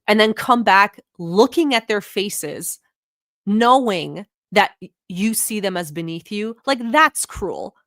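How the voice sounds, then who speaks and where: A woman from the Middle East, not a native English speaker, hosting a vlog with blunt, profane and animated reaction commentary. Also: mid-range voice, slow pace, no room sound, clean studio sound. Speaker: vlog host.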